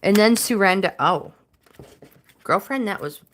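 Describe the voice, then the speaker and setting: A woman's voice: mid-range voice, lively intonation, slow pace, long pauses, fairly bright tone, a little hiss or hum. A woman hosting a live-stream tarot reading, chatting with viewers by name and reading out card meanings in a casual way.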